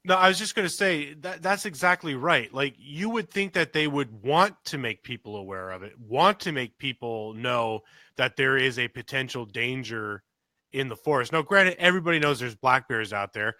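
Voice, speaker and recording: A man's voice: mid-range voice, expressive, moderate pace, pushed and bright, dry recording. A man co-hosting a podcast, telling a story casually and acting out quotes with big jumps in his voice. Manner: swears casually, many restarts. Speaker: podcast co-host.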